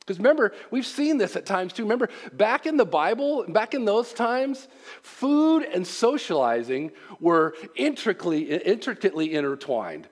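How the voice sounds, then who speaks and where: A man preaching a conversational sermon, repeating phrases and shifting between quick and slow delivery. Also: sits high, sing-song. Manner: conversational, repeats himself, speeds up and slows down. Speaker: pastor.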